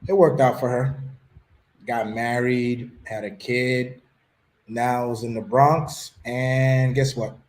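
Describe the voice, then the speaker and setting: A man hosting a casual chat, telling stories in an animated way and dropping Spanish words into his talk. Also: medium pitch, slow. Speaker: host. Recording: roomy echo.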